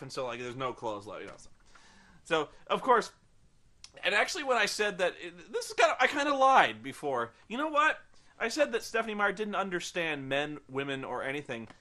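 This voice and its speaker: A man's voice: high-pitched, pushed and bright. A man ranting sarcastically through a comedic film review, rambling with frequent restarts.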